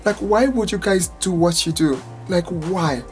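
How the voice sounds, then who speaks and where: A woman's voice: lowish voice, unhurried, faint music behind. Angry woman ranting to camera. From United States. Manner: angry, exasperated, swearing, rising to outbursts. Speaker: vlogger, salon owner. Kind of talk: impassioned personal rant to camera.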